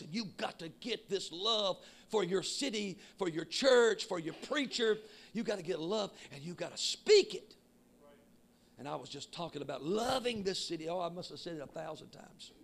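A man preaching a sermon with emphatic shouting that drops to quiet asides. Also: fairly high pitch. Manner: shouting, emphatic, swinging between loud and quiet. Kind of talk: Pentecostal sermon.

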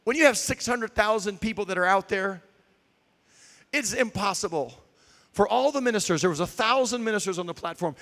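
A man preaching a sermon, telling stories with swings between shouts and quiet asides. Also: high voice, brisk. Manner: shouting, animated storytelling with swings from loud to quiet.

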